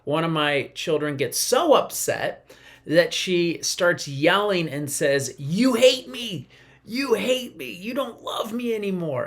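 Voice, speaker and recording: A pastor delivers a brief devotional in an earnest, conversational tone. The voice sits at a middle pitch. Quoted lines get a lifted, acted-out delivery. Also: fairly bright tone. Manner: parent sharing a family example. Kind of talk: short devotional message.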